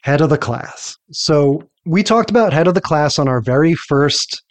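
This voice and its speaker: A man's voice: on the high side, animated, normal speed. A man co-hosting a podcast, chatting casually about old sitcom episodes. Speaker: podcast co-host. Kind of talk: casual chat recapping TV episodes.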